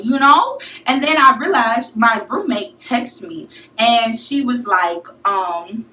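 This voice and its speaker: A young woman from St. Louis telling a college story to her viewers in a casual, slangy, animated way. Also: a little high, a little slow, slight background noise. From St. Louis, USA. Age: young adult. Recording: echoey room, mic at a distance.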